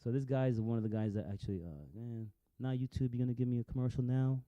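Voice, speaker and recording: Dark-voiced man ranting casually. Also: medium pitch, fairly even intonation, fast talker, no room sound, highs cut off. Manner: rambling, profane, stumbles and repeats words. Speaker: vlogger. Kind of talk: casual commentary over clips.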